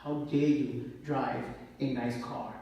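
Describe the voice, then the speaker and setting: A police officer, talking emotionally and apologetically on a live panel. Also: male voice, mid-range voice, level tone, warm tone, lo-fi sound. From the Bronx, New York. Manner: emotional, apologetic, rapid bursts. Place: event hall. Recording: echoey hall, distant mic, faint hiss.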